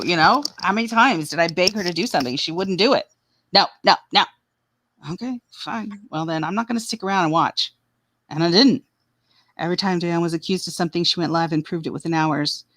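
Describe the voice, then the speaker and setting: A woman's voice: low-pitched, no room sound. A woman co-hosting a casual livestream chat, blunt and heated, swearing freely. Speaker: livestream co-host.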